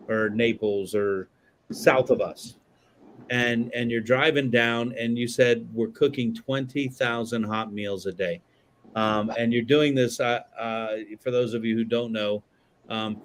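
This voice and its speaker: A man's voice: mid-range voice, a little hiss or hum. A man hosting a podcast in casual chat, rambling and swearing freely, with lots of fillers and restarts. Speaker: podcast host.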